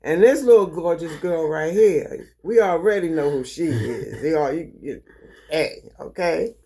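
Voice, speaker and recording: A woman in her sixties with a Baltimore accent, lively and dryly humorous as she tells a family story. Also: deep voice, measured pace. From Baltimore, Maryland. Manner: lively storyteller, animated quoting, dry humor. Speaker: vlogger's mother. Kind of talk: storytelling in casual chat.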